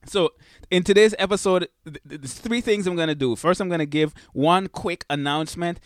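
A man's voice: sits high, brisk, dry recording, studio quality. A man hosting a podcast in a casual, upbeat way, chatting and laughing while holding his baby son. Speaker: podcast host. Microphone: desk microphone.

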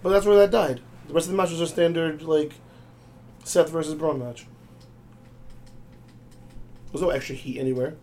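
Casting: male podcast co-host, slightly higher voice, exasperated rant. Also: fairly even intonation, normal speed, pauses often, a little mellow, slight background noise. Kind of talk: casual wrestling recap chat.

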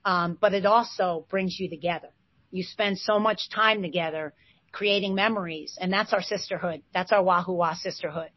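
A woman in her forties, a former basketball player, telling stories as an interview guest with lively bursts of excitement. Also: lowish voice, normal speed, dry recording. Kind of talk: animated storytelling. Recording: dull, slightly lo-fi sound.

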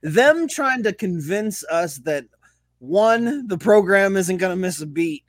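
A man co-hosting a casual sports talk show, ranting in a profane, animated way. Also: high-pitched, takes it slowly, no echo. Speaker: podcast co-host.

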